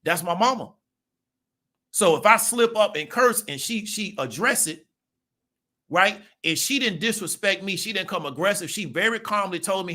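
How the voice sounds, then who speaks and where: High-voiced man telling stories casually. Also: animated, normal speed, sharp tone. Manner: conversational, peppers talk with "right?" and "you feel me?". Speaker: channel host. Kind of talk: casual storytelling monologue.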